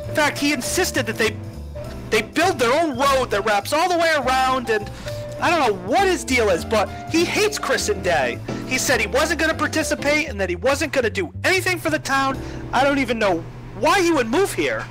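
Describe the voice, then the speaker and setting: A man voicing an excitable older village woman who gushes and squeals with delight. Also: takes it slowly, music in the background, full character voice, poor audio. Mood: gossipy. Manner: shrill, gushing, breathless with delight.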